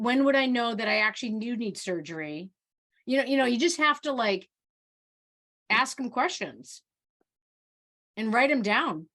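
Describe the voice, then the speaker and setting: A woman doctor of Oriental medicine hosts a live Q&A over a video call, her mid-range voice a bit bright. She talks casually and animatedly, often restarting and repeating words.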